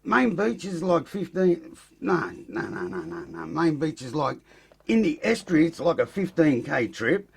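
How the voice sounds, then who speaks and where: A man with an Australian accent, a podcast guest telling an animated story full of swearing and acted-out quotes. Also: fairly high pitch, normal speed, gravelly. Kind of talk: casual storytelling.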